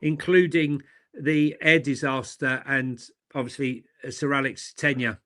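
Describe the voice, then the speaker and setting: A man's voice: mid-range voice, steady tone, a little slow, a bit bright. A man hosting a football podcast, reading out news items and then joking about them. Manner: reads out news items, then jokes and laughs. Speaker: host. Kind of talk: casual chat.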